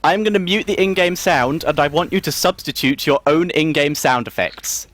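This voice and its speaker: A man setting challenges for a caster, giving brisk, deadpan instructions. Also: a little high, dry recording. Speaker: challenge-giver.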